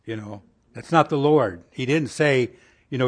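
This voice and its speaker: This male preacher has a mid-range voice and speaks at a normal speed. His sermon is conversational and folksy, full of rhetorical questions, and he sinks to a quiet, hushed tone when things turn tender.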